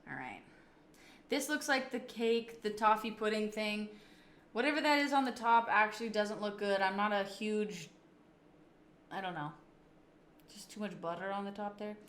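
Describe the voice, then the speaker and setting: A woman's voice: medium pitch, expressive, normal speed, pauses often, a bit bright, roomy sound. A woman streamer chatting casually on a livestream, rambling through off-the-cuff reactions.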